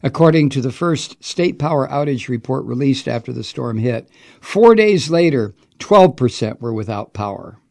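A man's voice: medium pitch, lively intonation, normal speed, vocal fry, a little mellow. A man delivering an angry, profane and sarcastic political monologue. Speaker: political commentator.

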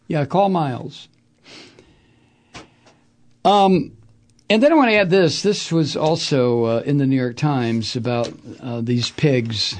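A man's voice: medium pitch, slight background noise. A man hosting a political talk radio show, ranting with profanity and sarcasm, then reading sponsor messages. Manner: profane, heated, sarcastic, mocking impressions.

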